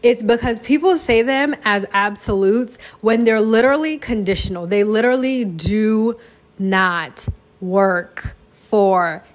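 A chatty young woman talks on her own in a loose, casual way, poking fun at herself as she goes. Her voice sits at a middle pitch. She jumps into big, exaggerated voices whenever she quotes other people. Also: a little slow. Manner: chatty, self-deprecating, dramatic quoted voices. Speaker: podcast host. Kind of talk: casual solo chat.

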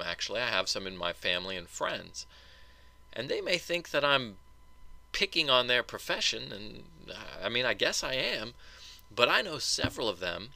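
A man's voice: medium pitch, creaky, bright, forceful tone, no room sound. A man giving a wry, conversational Bible teaching, paraphrasing the text with dry humor.

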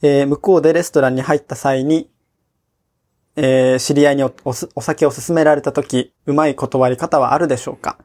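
Giggly fast-reading podcast co-host, man. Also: mid-range voice, steady tone, a little mellow. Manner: giggly, reads the letter quickly. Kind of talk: casual chat, reading a listener letter.

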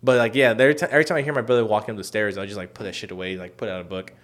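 A young man in casual chat, telling a long story with many fillers and profanity, acting out quoted lines loudly. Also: on the low side, steady tone, very fast.

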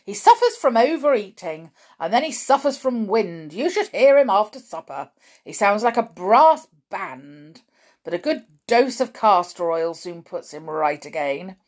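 A woman voicing a bad-tempered, blustering father with a moustache who shouts in a storybook reading. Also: mid-range voice, sing-song, measured pace.

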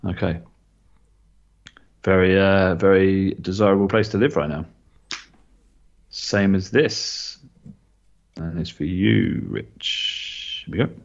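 Low-voiced English man hosting a quiz. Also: takes it slowly, creaky, pauses often. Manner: relaxed, teasing, scoring answers. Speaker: quiz host. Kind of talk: casual game chat. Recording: dull lo-fi sound.

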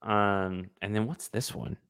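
A man's voice: on the low side, steady tone, measured pace, a bit bright, clean tone, no room sound, clean studio sound. A man co-hosting a movie podcast, leading the ranking and making wry jokes. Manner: wry, joking, moves the list along. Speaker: podcast co-host leading the list. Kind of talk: casual chat.

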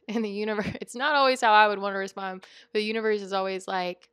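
A woman's voice: medium pitch, fairly even intonation, quick pace, a bit bright, clean tone, no echo, clean studio sound. A woman hosting a spiritual coaching podcast, talking in an earnest, chatty and rambling way with frequent asides. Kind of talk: casual spiritual podcast monologue.

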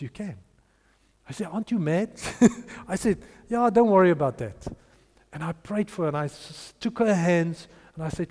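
A man's voice: a little high, a little mellow, long reverb tail. A man preaching a sermon and telling a story, acting out the dialogue in changing voices.

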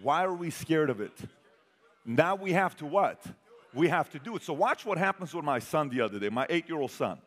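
Animated man storyteller in a reverberant hall. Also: on the high side. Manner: animated, quizzes the audience, swings from loud to hushed. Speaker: motivational speaker. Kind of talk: storytelling talk to a live audience. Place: large hall with an audience.

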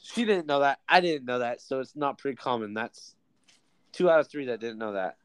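A young man hosts a loose podcast chat, trash-talking his friend and swearing freely. His voice sits at an ordinary pitch, recorded close and dry with no room sound. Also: expressive, a little fast, clear, resonant tone, no room sound. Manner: joking, swears a lot, teasing. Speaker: podcast host. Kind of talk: casual chat.

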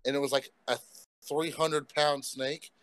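A man's voice: a little high, fairly even intonation, measured pace, fairly bright tone, no echo. A man in casual chat, chiming in with short reactions and his own stories.

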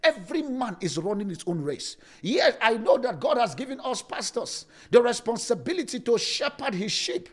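A man preaching as a pastor, swinging between loud and soft, with sudden rises and drops in pitch. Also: big pitch swings, moderate pace, few pauses, breathy edge. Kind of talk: sermon.

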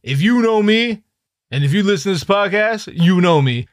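Middle-aged man, solo podcast host; slightly high voice, profane rambling rant, dry close sound. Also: lively intonation, moderate pace, no room sound.

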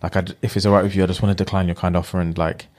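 Speaking very fast in a deep voice, a young man recounts a film's story in loose slang. He's a lively storyteller, jumping into each character's lines as he goes.

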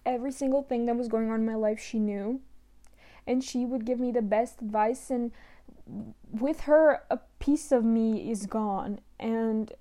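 A young woman talking in a personal monologue, emotional and halting, close to tears at times. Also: on the high side, dark tone.

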